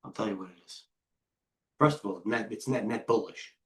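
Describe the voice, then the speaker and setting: A man's voice: lowish voice, normal speed. A middle-aged man, a head trader, giving blunt, rambling live commentary on stocks, often breaking off mid-sentence. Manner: blunt, rambling, self-interrupting market talk. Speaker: head trader and market coach. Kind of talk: live trading stream commentary.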